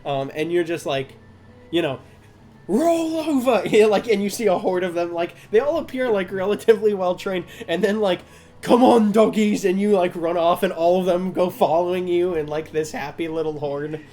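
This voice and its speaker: A man's voice: sits high, a little fast, darkish tone. A man running a tabletop game as game master, rambling with many fillers and frequent laughter.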